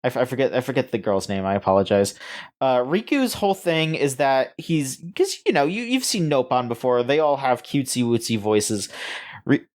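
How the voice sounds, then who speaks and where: A man co-hosting a casual gaming news podcast, rambling and halting with frequent restarts and fillers. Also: medium pitch, lively intonation, a little mellow. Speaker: podcast co-host.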